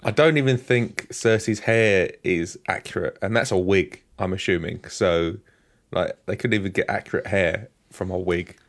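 A man's voice: low voice, normal speed. A man co-hosting a podcast in casual chat, laid-back and wry. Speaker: podcast co-host.

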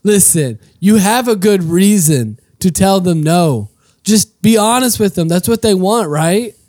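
Man, podcast co-host, animated and jokey, fairly high voice, dry close sound. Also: dry recording. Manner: animated, jokey, quick bursts. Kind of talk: casual chat.

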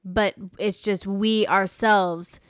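Emphatic sarcastic Midwestern woman, smooth voice. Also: mid-range voice, fairly even intonation, slow, dry recording, clean studio sound. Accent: Ohio Midwestern. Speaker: podcast co-host. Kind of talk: casual chat.

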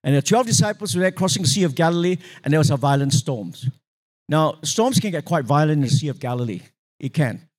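Man, preacher, high voice, animated sermon storytelling, calls for congregation responses. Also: fairly quick. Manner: animated storytelling, acting out quoted voices, sudden pitch jumps.

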